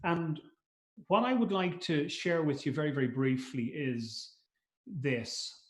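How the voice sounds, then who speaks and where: Trainer with a higher voice in an echoey room. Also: male voice, lively intonation, slow. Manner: conversational, repeats words, acts out quotes. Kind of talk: live masterclass talk. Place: conference room. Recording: roomy echo.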